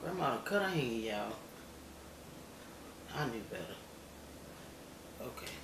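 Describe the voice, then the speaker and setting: In an echoey kitchen with loud background noise, a grandmother cooks at home for her vlog viewers, her bass voice sing-song and slow. This folksy home cook chats away, calling people y'all and baby and often asking "okay?" during her cooking demonstration.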